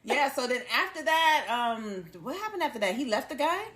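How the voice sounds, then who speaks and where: Woman podcast co-host, high bright voice, playful and profane movie recap. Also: expressive, normal speed. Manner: loud, playful, profane, laughs often. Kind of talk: casual chat recapping a movie.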